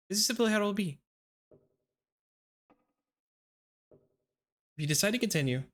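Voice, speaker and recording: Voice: mid-range voice, lightly acted. A role-player voicing a witch teacher who begs for help with her coven's ritual, pleading one moment and coldly insistent the next. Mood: stern. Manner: begging, flustered, then coldly insistent. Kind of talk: tabletop role-play.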